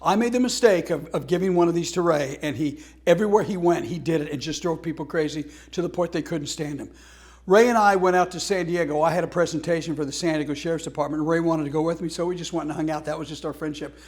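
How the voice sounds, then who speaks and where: A man's voice: on the high side, fast talker, a little mellow. Heartfelt storytelling man who laughs. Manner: laughs through his stories, heartfelt. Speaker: humor speaker teaching a class. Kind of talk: storytelling tribute talk.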